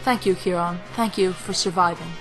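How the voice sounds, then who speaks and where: A woman voicing a gentle, earnest young princess who speaks softly. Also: on the low side, moderate pace, faint music behind, poor audio.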